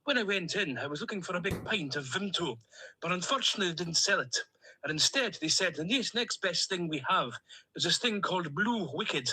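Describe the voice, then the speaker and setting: A man voices a chatty plastic toy duck with a Stornoway Scottish accent, recounting his misadventures in a cheery, rambling, self-pitying comic monologue. His voice sits high and is expressive and fairly quick, with a crowd in the background and poor audio.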